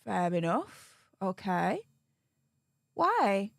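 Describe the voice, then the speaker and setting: A woman's voice: fairly high pitch, expressive, measured pace, fairly bright tone, dry recording, studio quality. A woman hosting a live-stream commentary, chatty and gushing in her thanks to viewers. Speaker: livestream commentary host.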